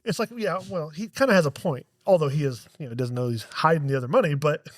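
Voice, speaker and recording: A man's voice: on the high side, fast. A man co-hosting a podcast, chatting casually about a film and laughing often while quoting characters. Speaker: podcast co-host. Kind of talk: casual film review chat.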